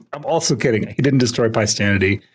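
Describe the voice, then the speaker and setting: A man's voice: mid-range voice, normal speed. A man doing casual live-stream commentary while reacting to a video, laughing often and teasing.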